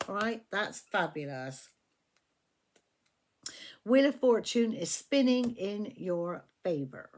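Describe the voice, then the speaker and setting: A woman of medium pitch speaks slowly with big pitch swings and frequent pauses, her tone a little mellow, over a bit of hiss or hum. Giving a chatty tarot reading, she swears freely and keeps asking "do you know what I mean".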